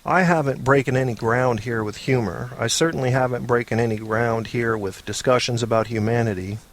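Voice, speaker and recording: A man hosts a show on his own, talking in a loose, rambling monologue at an ordinary mid pitch. His humor is dry and self-mocking, and he swears offhandedly. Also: brisk, a little hiss or hum. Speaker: podcast host. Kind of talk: casual solo monologue.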